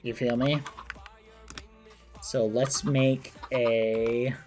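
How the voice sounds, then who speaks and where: A young man live-streaming a game, chatting playfully with viewers, excitable and self-mocking, with quick yelps. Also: medium pitch, faint music behind. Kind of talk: casual game livestream chat.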